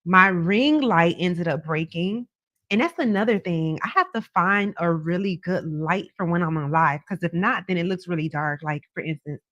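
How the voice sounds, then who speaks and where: A woman's voice: lowish voice, moderate pace, fairly bright tone, dry recording, muffled recording. A woman hosts a livestream, chatting casually and animatedly with viewers and answering their comments. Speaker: tarot reader livestream host. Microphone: camera on a stand.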